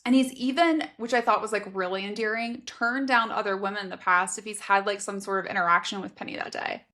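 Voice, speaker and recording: A woman's voice: mid-range voice, a little fast, bright, forceful tone. A woman co-hosting a podcast who chats casually about a romance novel, with plenty of "like" fillers. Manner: chatty, lots of "like" fillers. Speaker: podcast co-host. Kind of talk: casual book discussion.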